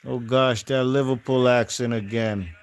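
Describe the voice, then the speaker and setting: A man's voice: mid-range voice, fairly even intonation, measured pace, clear, resonant tone. A man hosting a boxing channel, giving casual post-fight commentary in a rambling, slangy way with lots of fillers and restarts. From not from the UK.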